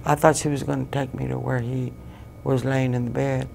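A woman giving emotional personal testimony as an interview guest, halting and repeating phrases as she relives what happened. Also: a bass voice, level tone, creaky, a little mellow, a little hiss or hum. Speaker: guest, bereaved mother.

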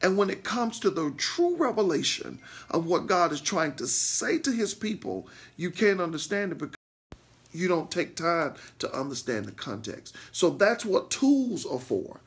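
A man's voice: a little slow, breathy edge. A man, a pastor, teaching a Bible lesson with emphatic repeats and frequent "okay?" check-ins to his listeners. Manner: animated, swings between loud bursts and low asides.

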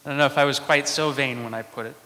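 A man who is a priest, preaching a sermon in measured phrases with dramatic pauses, in a church. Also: mid-range voice, fairly even intonation, bright, forceful tone. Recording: long church reverb.

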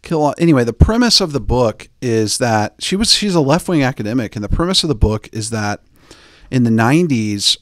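Animated, rambling male podcast host. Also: mid-range voice, fairly quick, dry recording, clean studio sound. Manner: rambling, joking, filler-heavy. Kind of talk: casual chat.

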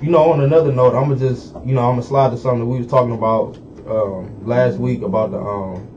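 A man's voice: mid-range voice, fairly even intonation, fast talker, a little mellow. A man co-hosting a radio talk show, laid-back and slangy, steering the casual chat to the next topic. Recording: dull lo-fi radio recording, faint hiss.

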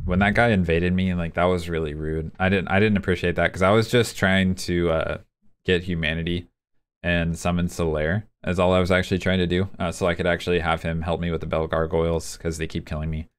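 A man streams his gameplay live, commentating and venting frustration as he talks to himself and his chat. His voice is low, level, clean, and a little fast, with music playing in the background.

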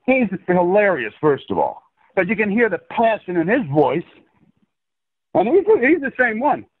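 Guest, male, high and swooping voice, profane rambling rant, tinny phone line, dry. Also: wildly swooping pitch, a little slow, husky, dry recording. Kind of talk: phone-in interview.

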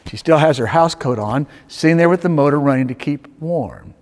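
Male pastor, sermon storyteller, animated and higher-pitched, big reverberant sanctuary sound. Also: fairly quick. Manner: storytelling with dramatic swings between loud urging and hushed tones. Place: church sanctuary. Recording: long reverb of a church sanctuary.

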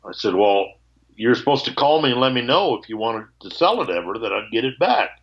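A man's voice: mid-range voice, brisk. Man telling a story over a muffled call. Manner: animated, acts out both sides of old conversations, swears. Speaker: guitarist guest.

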